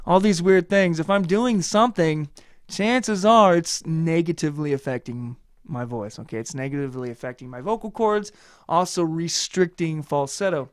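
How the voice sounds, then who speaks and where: A man's voice: fairly high pitch, moderate pace, no room sound, studio quality. A man giving a casual singing lesson as a vocal coach. He talks loosely and chattily, with many ums and restarts, and his voice sounds a little tired.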